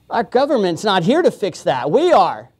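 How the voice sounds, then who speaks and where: High-voiced joking male pastor. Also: slightly rough. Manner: casual, joking, chuckles often; acts out quoted voices. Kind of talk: sermon. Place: church.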